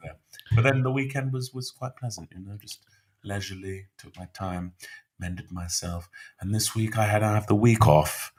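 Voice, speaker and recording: A man's voice: on the low side, normal speed. A man co-hosting a podcast and playing rugby, telling wry, colourful stories full of slang. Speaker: podcast co-host, rugby player. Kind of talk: casual chat.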